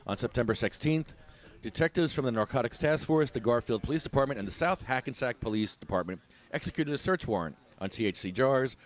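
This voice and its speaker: A man's voice: mid-range voice, expressive, a little fast. A man co-hosting a podcast, reading news offhandedly and chatting. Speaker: podcast co-host. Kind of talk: reading news aloud and casual chat.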